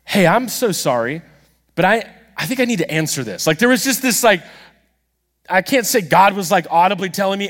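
A man preaching a sermon, telling a story with animated, self-deprecating humor and acting out the dialogue himself. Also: high voice, fairly quick. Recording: long reverb of a large hall.

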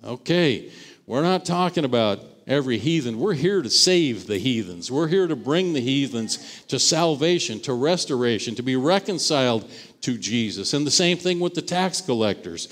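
A male pastor delivers a sermon in his church, moving between scripture reading and a loose, conversational retelling. He repeats words as he goes and slips into the voices of the people he quotes. His voice sits at an ordinary middle pitch. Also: in a large hall.

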